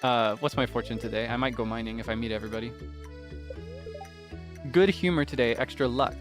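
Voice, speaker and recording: A man casually chatting while streaming a farming game, rambling with lots of fillers and quick laughs. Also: mid-range voice, over music. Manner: rambling, many fillers, giggly.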